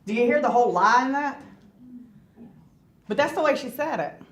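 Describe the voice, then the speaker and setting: A woman's voice: high voice, lively intonation, moderate pace. Brief: woman, guest speaker, earnest and conversational testimony, roomy church hall sound. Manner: earnest, conversational, asks the audience questions. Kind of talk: personal testimony talk.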